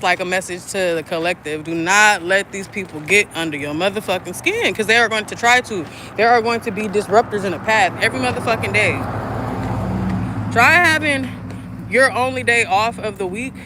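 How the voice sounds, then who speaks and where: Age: about 30. Sex: woman. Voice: bright, candid, profane. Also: medium pitch, slight background noise. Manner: candid, profane, rambling with frequent fillers. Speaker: spiritual content creator and mother. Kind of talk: casual livestream chat.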